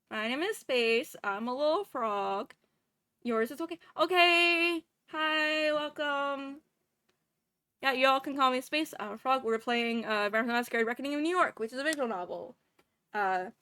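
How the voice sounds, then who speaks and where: A bubbly, giggly woman streams a visual novel from her home kitchen, reading it aloud and chatting with viewers. She sounds a little congested, with a bright, fairly high voice. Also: smooth, dry recording, clean studio sound. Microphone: desk microphone, not wearing headphones.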